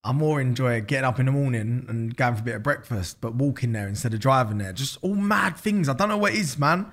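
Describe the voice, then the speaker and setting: A man's voice: medium pitch, lively intonation, fast, fairly bright tone. A man in his thirties with an Essex accent, talking casually and animatedly as a podcast guest, swearing freely and repeating himself. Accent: Essex English. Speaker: podcast guest, business founder. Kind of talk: casual interview chat.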